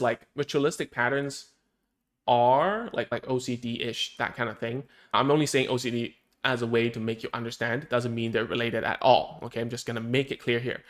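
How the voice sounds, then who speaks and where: A man, a speech therapist, explaining in a casual, conversational way, thinking aloud and often checking in with "right?" and "okay?". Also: mid-range voice.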